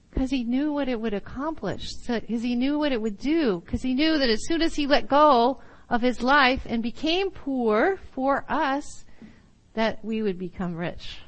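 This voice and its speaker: Unhurried woman preaching a sermon, fairly high. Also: poor audio. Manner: warm teaching with laughs and quick asides; reads scripture aloud, then explains. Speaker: Bible teacher.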